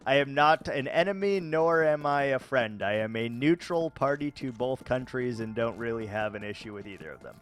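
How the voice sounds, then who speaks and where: A man casually chatting with viewers while playing a game, rambling and relaxed with many fillers and restarts. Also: medium pitch. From United States. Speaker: gaming vlogger. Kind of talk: casual let's-play chat answering viewers.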